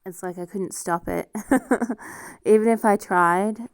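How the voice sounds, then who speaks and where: Slow and clear, this woman's medium-pitched voice has a resonant tone, captured in a dry, studio-quality recording. A vlogger with a noticeable non-standard accent, she chats to camera in a rambling, self-deprecating personal monologue, laughing frequently.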